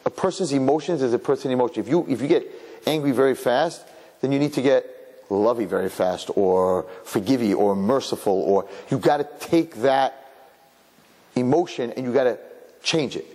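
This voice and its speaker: A man, a rabbi, giving a lively Torah lecture to an audience, acting out other people and dropping in Yiddish and Hebrew words. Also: moderate pace, breathy edge. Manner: animated, acts out people with high voices, Yiddish and Hebrew words. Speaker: rabbi teaching a class.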